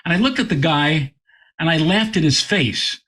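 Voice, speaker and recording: A man, a guest astronomer, telling an animated anecdote in an interview and repeating words as he goes. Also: a little high, normal speed.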